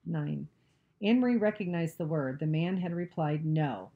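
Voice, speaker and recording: A woman narrating a novel, reading aloud in a steady, even storytelling manner. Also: fairly low pitch, a little fast, narrow, tinny audio.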